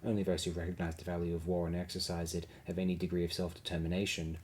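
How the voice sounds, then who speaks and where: A man's voice: sits low, little pitch movement, fast, darkish tone, lightly acted. A man reading the part of a spiteful, scheming male dwarf in an audiobook, lecturing in a wheedling tone.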